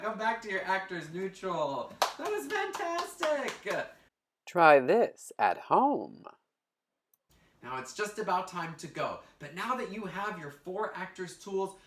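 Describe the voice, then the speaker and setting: A male teaching artist runs an online drama class for children, cheering them on and guiding each step. His voice rises and falls in lively sweeps. It sounds echoey and a bit distant from the mic. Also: high-pitched. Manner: upbeat and encouraging, guiding kids step by step. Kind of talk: virtual drama lesson for children. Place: indoor room, recorded for an online class.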